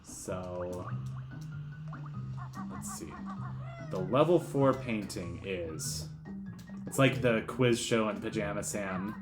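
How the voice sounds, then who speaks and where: A man's voice: fairly low pitch, lively intonation, slow pace, long pauses, over music. A man giving casual gameplay commentary as a let's player, rambling and joking, with silly voices thrown in.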